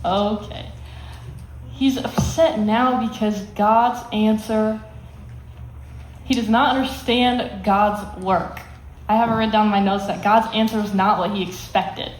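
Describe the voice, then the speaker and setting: A woman's voice: medium pitch, steady tone, unhurried. Woman teaching a Bible lesson, echoey. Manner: explains plainly, acts out quotes with emphasis. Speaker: youth Bible study teacher. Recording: echoey room, faint hiss.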